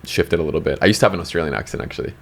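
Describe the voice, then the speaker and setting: A man's voice: very deep voice, racing. A man from Canada, a podcast guest, telling his story in a loose, rambling way with lots of fillers and restarts. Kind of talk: casual storytelling interview.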